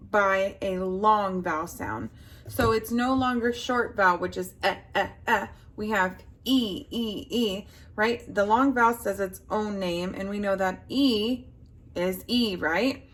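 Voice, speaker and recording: A woman teaching a phonics lesson to young children, slowly sounding out words and prompting the class to answer. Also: medium pitch, a bit bright.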